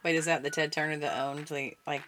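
A woman's voice: low voice, level tone, fairly quick, a bit bright, a little hiss or hum. A woman co-hosting a podcast, reading trivia in a playful, teasing casual chat and laughing often. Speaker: podcast co-host.

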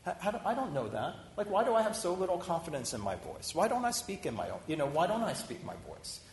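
Animated man speaking in an echoey hall. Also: sits high, quick pace, slight background noise. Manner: conversational, animated, many restarts. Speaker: rabbi. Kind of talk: informal sermon discussion. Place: synagogue hall. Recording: roomy hall echo, faint ambience.

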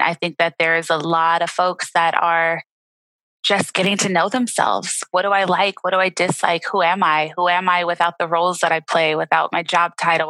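A woman's voice: fairly low pitch, sharp tone, no room sound, low-quality recording. A woman guest talking in an earnest, encouraging and thoughtful way in a conversation recorded over a remote call mic. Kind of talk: reflective conversational talk.

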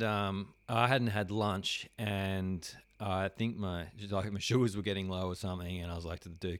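Low-voiced man telling a rambling story. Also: dry recording. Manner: rambling, profane, many fillers and restarts. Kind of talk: casual storytelling anecdote.

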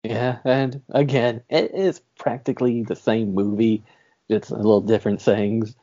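A man's voice: on the low side, fairly even intonation, normal speed, mellow, highs cut off. A man hosting a casual movie podcast, talking in an easygoing way and wrapping up the episode. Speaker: podcast host. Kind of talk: casual chat.

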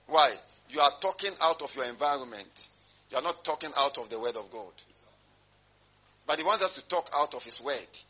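A man's voice: fairly high pitch, bright, forceful tone, husky, dull audio. A male pastor preaching a sermon, emphatic and rhetorical, drawing call-and-response from his congregation.

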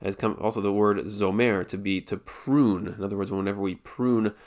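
Male teacher, lower register; explanatory lesson delivery with frequent self-corrections. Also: steady tone, normal speed, a little mellow. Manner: thoughtful, many restarts and repeated words. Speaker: Torah teacher. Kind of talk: spoken Jewish law lesson.

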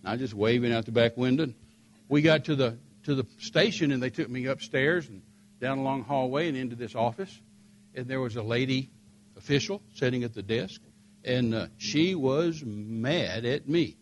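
A man's voice: mid-range voice, moderate pace, a little hiss or hum. An older American man preaching, telling dramatic personal stories and acting out the voices of the people in them. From United States. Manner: animated, acts out the voices in his stories. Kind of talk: sermon storytelling.

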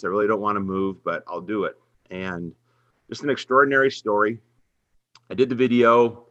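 A middle-aged man tells a long personal story in an earnest, animated way. His voice sits fairly low but comes across bright and forceful. The recording is dry and a little muffled. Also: no room sound. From Minnesota. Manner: earnest, faith-centered storytelling, animated when quoting others. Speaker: head women's basketball coach, guest. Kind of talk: storytelling in a podcast interview.

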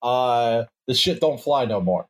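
A man's voice: mid-range voice, lively intonation, unhurried. A young man co-hosting a podcast, ranting in mocking, profane banter. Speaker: podcast co-host. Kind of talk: casual political banter.

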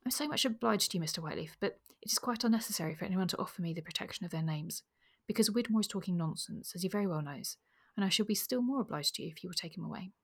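A woman reading aloud as a shy, gentle young noblewoman in a soft, hushed voice. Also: on the low side, lively intonation, rapid-fire, few pauses, husky. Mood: earnest.

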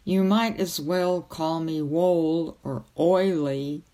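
A woman's voice: sits low, slow, dark tone. A woman voicing a touchy talking male owl who speaks sourly and formally in a storybook reading. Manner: sour, bitter, then formally apologetic.

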